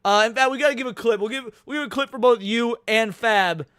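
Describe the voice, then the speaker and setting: A man hosts a livestream with loose, profane commentary, stretching words out for effect. His voice sits very high for a man and sounds sharp and bright. The sound is dry and close. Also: smooth, no echo. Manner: profane, excitable, drawn-out for emphasis. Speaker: livestream host.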